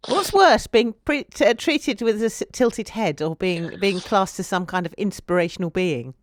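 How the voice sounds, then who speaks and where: A woman presents a radio interview, sympathetic and quick to laugh along, now and then tripping over her words as she asks her questions. Her voice is at an average pitch. The close studio microphone sounds dry. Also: lively intonation, dry recording.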